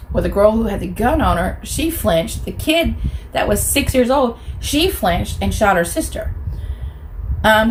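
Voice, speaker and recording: A woman's voice: a little high, slight background noise, poor audio. A woman hosting an eating show, telling a true crime story in a blunt, colloquial way and talking straight to her viewers. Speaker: mukbang host.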